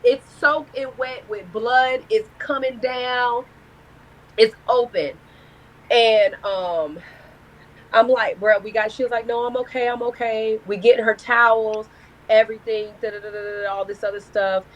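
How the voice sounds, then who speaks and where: Profane, animated woman telling a story. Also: fairly high pitch, measured pace, rough recording. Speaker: guest. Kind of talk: casual live-stream interview.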